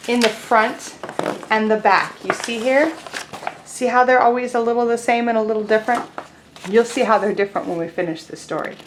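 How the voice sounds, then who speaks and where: A woman teaching young children in an online class, leading calendar time and storytime in a gentle, encouraging way. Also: on the high side, a little hiss or hum. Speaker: preschool teacher.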